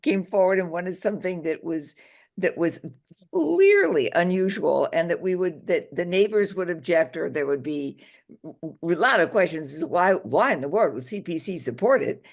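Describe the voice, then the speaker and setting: A woman on a town committee, raising a concern carefully and deliberately in a meeting. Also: fairly low pitch. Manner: deliberate, careful, hesitant phrasing. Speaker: committee member.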